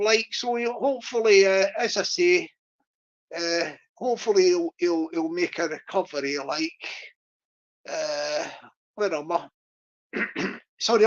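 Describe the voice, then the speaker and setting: A woman's voice: medium pitch, muffled recording. A woman hosting a casual livestream, rambling with lots of fillers and restarts. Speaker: livestream host.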